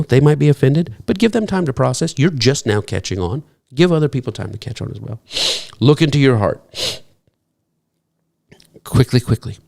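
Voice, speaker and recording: A man preaching a sermon as pastor, talking in a conversational, humorous way and jumping up in pitch to act out what people might say. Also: vocal fry. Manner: animated, jumps into high-pitched acted quotes; conversational, self-deprecating humor.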